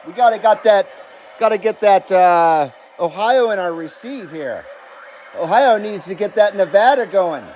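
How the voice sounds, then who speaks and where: High-voiced American man chatting on a livestream. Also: animated, a little slow, darkish tone, a little hiss or hum. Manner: chatty, reads viewer comments aloud, swears casually. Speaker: CB radio livestream host. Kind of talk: casual livestream chat. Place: home radio room.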